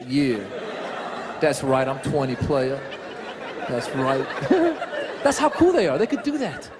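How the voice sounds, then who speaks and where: A middle-aged male comedian with a high voice works the stage, throwing himself into voices and sound effects. He is recorded live on a handheld mic, with a loud, laughing crowd and clear noise all around him. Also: long reverb tail. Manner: animated, acts out voices and sounds. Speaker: stand-up comedian. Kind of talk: stand-up comedy set.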